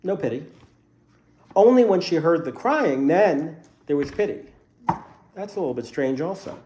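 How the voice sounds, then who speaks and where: A man's voice: a little high, animated, moderate pace, warm tone. A man teaching a casual Bible study class to a group in a room, explaining the text by asking a string of questions.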